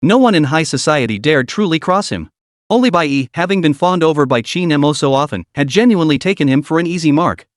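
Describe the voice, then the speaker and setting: A man's voice: fairly high pitch, expressive, fast, few pauses, dry recording. A man narrating a story recap in a scripted, dramatic storytelling read on a close mic.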